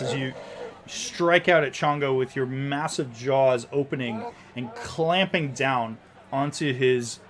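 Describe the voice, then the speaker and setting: A man in the game master's seat paints a chaotic tavern brawl in lively, descriptive narration. His voice sits in an ordinary middle register, and he often stops and restarts a phrase. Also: medium pitch, a little hiss or hum.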